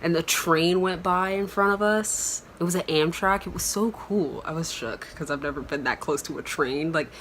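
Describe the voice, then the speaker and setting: A woman's voice: low-pitched, moderate pace, hardly any pauses, a bit bright, slight background noise. A young woman from Florida telling a story to the camera in a chatty, rambling way, full of "like". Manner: chatty, rambling, heavy use of "like". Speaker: vlogger. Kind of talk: casual storytelling vlog.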